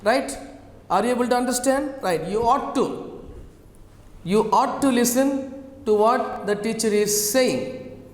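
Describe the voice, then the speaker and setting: Man teaching a class, high voice, spells words out, checks understanding often, reverberant classroom. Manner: slow, spells words out and repeats each phrase; checks understanding with frequent "right?" and "okay?". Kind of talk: classroom grammar lesson.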